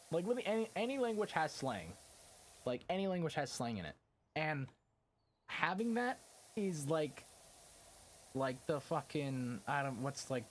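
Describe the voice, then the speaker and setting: A man's voice: medium pitch, a little hiss or hum. Rambling young man streamer. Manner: rambling, heavy on fillers, swears casually. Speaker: game streamer. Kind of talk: casual live-stream chat.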